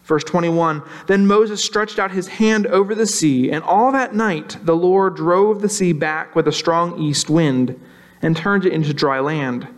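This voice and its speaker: A man preaching a sermon in a conversational way, slowing down to stress key lines and briefly acting out anxious voices. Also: a little high. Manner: conversational, acts out worried voices, slows for emphasis. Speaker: pastor.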